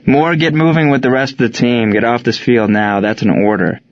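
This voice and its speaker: A man's voice: mid-range voice, fairly even intonation, normal speed, no echo, natural voice. A man voicing a male officer giving curt orders to a soldier in an audiobook. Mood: commanding. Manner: curt and commanding. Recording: dull audio with faint music.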